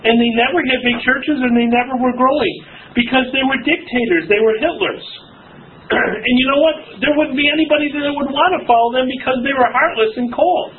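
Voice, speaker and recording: A male associate pastor teaching a Bible class, animated and joking, putting questions to the class. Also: very high voice, a little fast. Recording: tinny phone-like sound with faint hiss.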